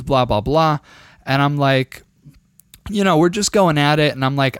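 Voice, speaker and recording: A young man co-hosting a podcast, telling a long, profane, animated story in casual chat. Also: mid-range voice, measured pace, clear, resonant tone, dry recording, clean studio sound. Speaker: podcast co-host.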